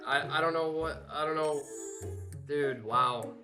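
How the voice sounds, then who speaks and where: A man's voice: medium pitch, fairly even intonation, moderate pace, sharp tone, soft background music. A man commentating his live speedrun, nervous and apologetic, stammering and restarting his sentences.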